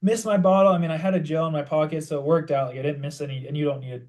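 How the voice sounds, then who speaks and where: Young man telling a story, mellow voice. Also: on the high side, rapid-fire. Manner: animated storytelling, heavy use of "like". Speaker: podcast co-host. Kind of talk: casual chat.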